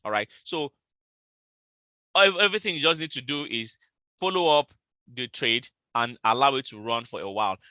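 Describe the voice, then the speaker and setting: A man with a very bright, sharp-edged voice hosts a live trading session. He repeats each call and spells out numbers slowly, and the sound is dry and close to the mic. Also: mid-range voice, lively intonation, no room sound. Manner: repetitive, calls out trade levels slowly and repeats them. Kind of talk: live market analysis stream.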